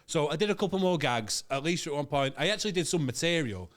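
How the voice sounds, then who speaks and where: A man, a comedian guest, telling a comic story in an animated, sweary way and laughing through it. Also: a little high, fast talker.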